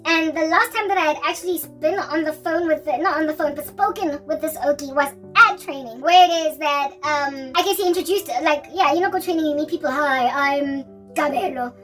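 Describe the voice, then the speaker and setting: Young South African woman with a very high voice, animated storyteller who laughs easily. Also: a little fast, few pauses, soft background music. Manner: animated, laughs often, mixes in local languages. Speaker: Christian vlogger. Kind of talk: casual storytelling.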